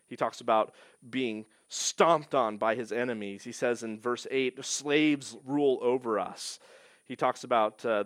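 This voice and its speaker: A man's voice: medium pitch, fairly bright tone, no echo, studio quality. A man preaching a sermon, reading scripture aloud and explaining it in an earnest, emphatic way. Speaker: pastor.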